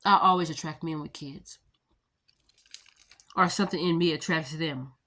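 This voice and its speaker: A woman's voice: sits low, normal speed, pushed and bright. A woman in her thirties chatting casually to her viewers, rambling through storytime anecdotes and addressing them as y'all. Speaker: vlogger.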